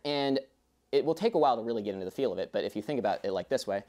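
A man's voice: fairly low pitch, animated, fast talker. A young man teaching a music lesson in a casual, chatty way, with rambling asides.

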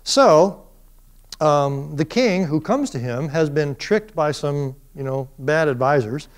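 A middle-aged male professor lectures in an animated storytelling way, slipping into the voices of the people in his stories. His voice sits a little higher than most men's. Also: takes it slowly, clear, resonant tone. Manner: animated storyteller, acts out quoted speech. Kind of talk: classroom lecture.

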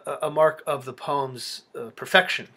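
A man giving a close-reading lecture on a poem, reflective and halting, with frequent fillers and restarts. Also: fairly high pitch, fairly even intonation, bright, forceful tone. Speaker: literature lecturer.

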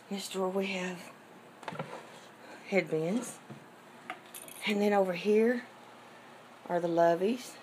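A woman gently and fondly showing her small home nursery in a casual vlog. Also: lowish voice, a little hiss or hum. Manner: gentle, fond, unhurried showing. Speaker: doll collector giving a home tour.

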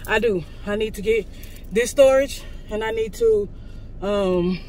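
A woman vlogger venting casually to her viewers, loud and profane, from in or near her car. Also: medium pitch, unhurried, a little hiss or hum.

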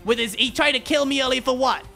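A man with a Sheffield accent, streaming and role-playing a rat character, excitable and jokey, yelling out comic bits. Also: very high-pitched, quick pace, vocal fry, soft background music. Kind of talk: playful in-game role-play chatter.

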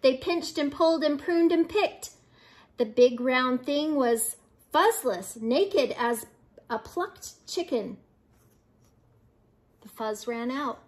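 An older woman reads a picture book aloud to children, her voice high and bright. She takes her time, leaning into every word with lively expression. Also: slow pace, pauses often. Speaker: storybook reader. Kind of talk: children's read-aloud narration.

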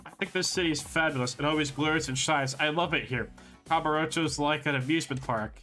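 A vain, flamboyant male pop star from a video game, put on by a man reading along. He gushes with theatrical flair in a raised, bright voice. Faint music plays underneath. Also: on the high side, fairly quick. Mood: gushing. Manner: theatrical, gushing.

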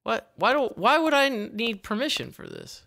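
A man streaming a video game, commentating live in an excitable, profane way and yelling at the characters. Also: very high voice, normal speed, creaky.

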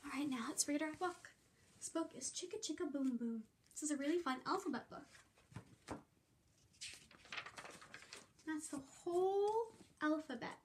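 A woman teaching preschool circle time, reading a picture book aloud in a slow, sing-song way. Her voice sits high and bright, and she draws out each word so little ones can follow along. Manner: slow, sing-song and animated, coaxing children to join in.

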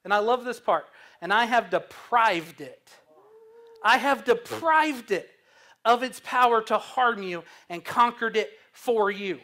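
A man pastor preaching a sermon, slow and emphatic, asking the congregation questions to fill in. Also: high voice, pushed and bright. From Missouri.

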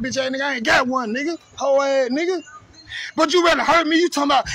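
A man launches into a heated, profane rant on a live video. His voice sits very high and rings bright and forceful, and he keeps hammering the same taunts. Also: quick pace. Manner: confrontational, repetitive taunting. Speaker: streamer ranting on a live video.

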